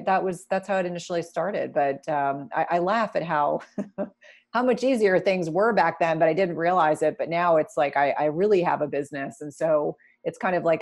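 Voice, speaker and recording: Middle-aged woman, very low voice, candid, animated, interview guest. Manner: candid, animated, many restarts and asides. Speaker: guest, nurse practitioner turned entrepreneur. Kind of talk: conversational interview storytelling.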